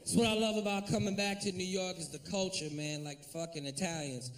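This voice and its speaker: A male stand-up comic works the crowd in a profane, animated routine. His voice is high and gravelly. It sounds a little distant from the microphone. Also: fairly quick, slight background noise. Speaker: stand-up comedian. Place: comedy club stage.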